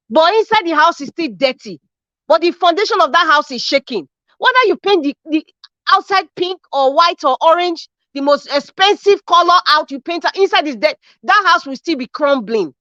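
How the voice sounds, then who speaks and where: Fervent high-voiced Nigerian woman. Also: sharp tone, no room sound. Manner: fervent, repeats phrases for emphasis, preachy. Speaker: caller on a live stream show. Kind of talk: impassioned social commentary. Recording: dull lo-fi dry stream audio.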